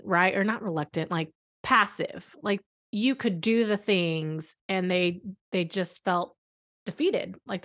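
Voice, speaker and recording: A woman's voice: medium pitch, a bit bright. Earnest woman hosting a parenting podcast. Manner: earnest, candid, storytelling with fillers. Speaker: podcast host and therapist. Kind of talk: conversational podcast monologue.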